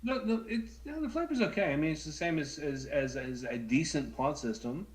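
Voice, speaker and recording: Co-host, a man in his thirties, chatty and animated, repeating himself as he tells a story. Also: fairly high pitch, moderate pace, rough recording. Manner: animated, stammering, acts out voices in anecdotes. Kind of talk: casual storytelling chat.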